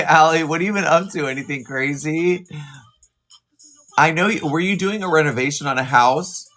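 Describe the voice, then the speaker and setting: A man hosting a casual live stream, chatting in a rambling way with quick asides to his viewers. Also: a little high, bright, forceful tone, soft background music. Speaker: livestream host.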